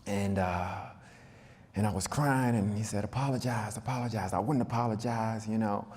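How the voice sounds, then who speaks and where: Deep-voiced man in an echoing hall. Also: moderate pace. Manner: relaxed and conversational, with frequent fillers. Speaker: panel speaker. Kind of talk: personal storytelling at a panel talk. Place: event hall. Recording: reverberant hall.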